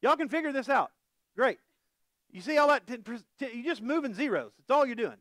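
A man's voice: very high-pitched, expressive, fairly quick, fairly bright tone, dry recording, studio quality. A middle-aged man preaching a conversational sermon as pastor, folksy and quizzing the congregation with questions.

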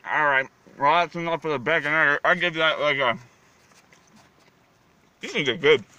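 A man's voice: a little high, moderate pace, pushed and bright, muffled recording. A man from Canada doing a casual food review vlog, eating as he talks and goofily repeating the same phrase over and over. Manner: goofy, repetitive, chanting the same phrase.

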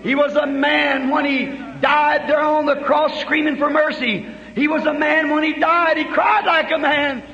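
A man preaching a sermon, building from plain telling to shouted climaxes, recorded on a dull old tape. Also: very high-pitched, level tone, measured pace, hardly any pauses, big-room sound, slight background noise. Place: church hall.

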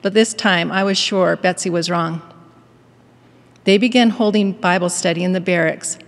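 A woman giving a prepared devotional address in a measured, earnest manner and reading a story aloud. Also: fairly low pitch, steady tone, in a large hall. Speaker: devotional speaker at a university.

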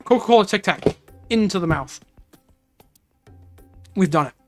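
A young adult streamer giving casual, excitable gaming commentary full of exclamatory reactions. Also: mid-range voice, moderate pace, faint music behind.

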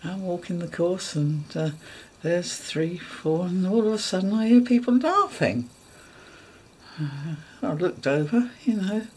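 A woman with a husky, breathy voice tells a funny story from her own life. She chats along casually, breaking into laughter and voicing her own surprised thoughts as she goes. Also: on the low side, animated, measured pace, darkish tone. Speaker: dog agility vlogger. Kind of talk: casual anecdote.

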